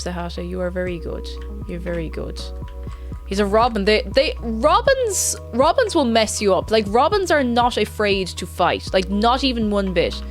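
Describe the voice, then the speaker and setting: A woman chatting casually with her viewers while playing a game, rambling and giggling between asides. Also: fairly high pitch. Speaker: game streamer. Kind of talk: casual live-stream chat while playing.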